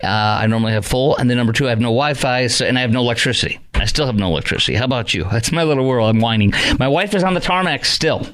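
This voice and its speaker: A man hosting a call-in talk radio show, chatty and animated with many asides. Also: mid-range voice, rapid-fire, few pauses. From North Texas.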